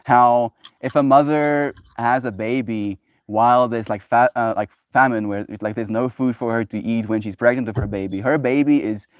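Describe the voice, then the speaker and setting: A man's voice: mid-range voice, moderate pace, few pauses, no room sound, clean studio sound. A man, hosting a casual conversation, who talks reflectively and fills his sentences with "like". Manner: reflective, uses many "like" fillers. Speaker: host.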